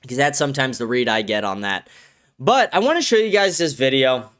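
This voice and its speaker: A man's voice: mid-range voice, expressive, brisk, a bit bright. A man hosting a political commentary livestream, ranting crudely and swearing often while answering his live chat. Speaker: livestream host.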